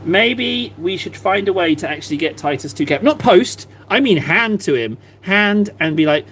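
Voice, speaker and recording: A man's voice: high-pitched, lively intonation, normal speed, hardly any pauses, fairly bright tone, a little hiss or hum. Chatty man rambling while painting. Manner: chatty, self-mocking, rambling asides to chat. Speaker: streamer painting miniatures. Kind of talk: casual livestream chat while painting.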